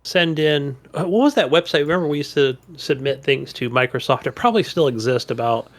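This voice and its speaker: Teasing co-host man, higher voice. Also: a little fast. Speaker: podcast co-host. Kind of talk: casual gaming podcast chat.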